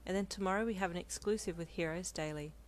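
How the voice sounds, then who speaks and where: A woman voicing a gentle, earnest young male hero in an audio fanfiction, soft and reassuring. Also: fairly low pitch, fast, a little hiss or hum, close to an everyday voice. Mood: calm. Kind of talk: audio fanfiction role-play.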